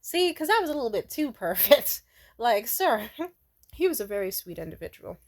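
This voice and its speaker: A woman's voice: a little high, big pitch swings, moderate pace. Rambling young woman with a casual storytime. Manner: rambling, laughing often, many fillers and trailing restarts; blunt, swears freely. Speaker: vlogger.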